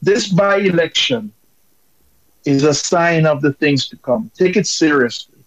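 A man's voice: fairly high pitch, expressive, a little slow, no room sound, poor audio. A man from Dominica calling in with impassioned, emphatic political commentary.

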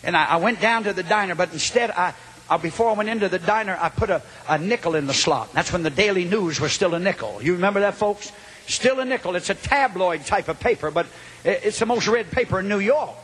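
An older man preaching a Pentecostal sermon, telling a story that swings from quiet asides to loud shouting. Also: high-pitched, expressive, brisk, husky.

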